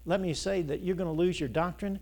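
A pastor preaching a sermon, asking the congregation call-and-response questions and building to loud, emphatic stretches. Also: male voice, high-pitched, fairly quick, creaky.

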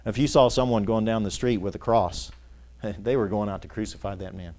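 A man's voice: lowish voice, moderate pace, a little mellow. A man preaching a sermon as pastor, asking his congregation to finish his sentences and telling folksy stories with chuckles. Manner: call-and-response questions to the congregation.

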